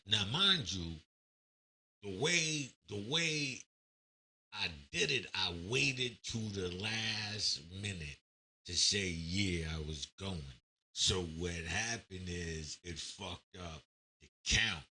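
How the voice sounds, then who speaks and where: A man casually telling a story from his time in prison, acting out the voices of the people involved in streetwise slang. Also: low voice. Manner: animated, acts out quoted voices, streetwise slang. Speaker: storyteller recounting prison stories.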